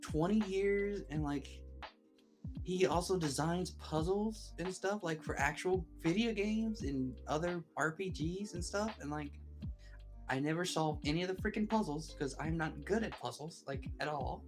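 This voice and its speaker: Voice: mid-range voice, moderate pace, soft background music. Giggly, rambling podcast co-host. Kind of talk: casual chat.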